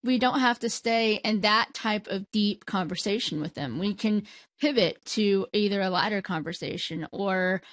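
A woman's voice: medium pitch, normal speed, dry recording. A woman co-hosting a conversational discussion, asking questions and responding with engaged interest. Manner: engaged, asks questions, laughs lightly. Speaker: podcast co-host.

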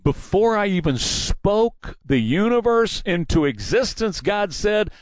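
A man's voice: a little high, very animated, a little slow, hardly any pauses, no room sound. A man hosting a combative, mocking political commentary monologue.

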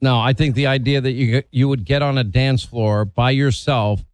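A man's voice: medium pitch, fairly even intonation, normal speed, dry recording. A middle-aged man hosting a call-in radio talk show, blunt and opinionated, teasing his callers.

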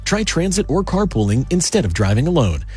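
A man reading a brisk radio traffic report, rattling off road updates. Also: a little high, very animated, darkish tone, husky, soft background music.

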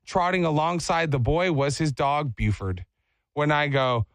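A man hosting a radio show, telling a news story in a casual, animated way and trying out playful voices. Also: on the high side, measured pace, no room sound.

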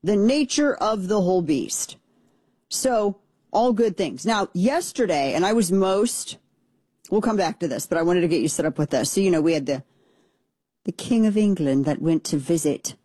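A woman's voice: lowish voice, animated, normal speed, mellow, breathy edge, no room sound. A woman hosting casual political commentary, talking in an opinionated, conversational way with frequent restarts and asides.

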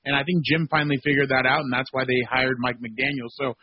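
A male sports reporter calling in as a guest on a radio show, talking in a rambling, animated way with many fillers. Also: medium pitch, fast, slight background noise. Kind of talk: phone-in radio interview. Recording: dull, dry lo-fi guest line.

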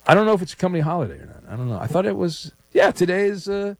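A man hosting a call-in sports radio show, teasing callers with quick jokes. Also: sits high, very animated, no room sound.

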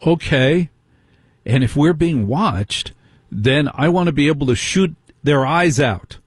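A middle-aged male talk radio host with a husky voice and a dry, close sound. He talks in an indignant way and keeps firing rhetorical questions at his listeners. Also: a little high, measured pace, no echo. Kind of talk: call-in talk radio monologue.

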